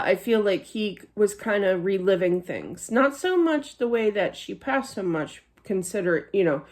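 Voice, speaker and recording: A woman's voice: lowish voice, darkish tone. A middle-aged woman giving a psychic reading, chatty, with many fillers and frequent laughter. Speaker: psychic medium. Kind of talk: spiritual reading monologue.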